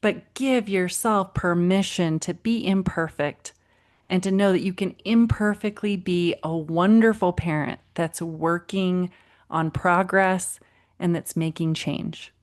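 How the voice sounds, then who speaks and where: This parenting coach, a woman with a lowish voice, speaks slowly as she hosts her podcast alone. Friendly and encouraging, she voices the quotations with animated flair.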